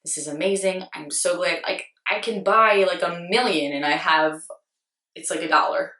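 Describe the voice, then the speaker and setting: A young woman with a slightly hoarse voice chats about makeup in a loose, rambling way, full of fillers and jokes at her own expense. She sits a little back from the mic, and the room adds a noticeable echo. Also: lowish voice, moderate pace, sharp tone, recorded from a distance. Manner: chatty, rambling, self-deprecating, lots of "like". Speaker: beauty vlogger. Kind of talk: casual product review.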